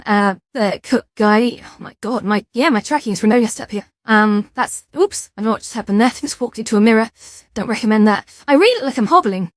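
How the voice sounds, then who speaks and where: A woman chats to her live-stream viewers in a casual, self-mocking way, with the odd mild swear. Her voice sits somewhat high. The sound is close and dry, picked up on a headset mic with no room echo. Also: fairly quick, a bit bright.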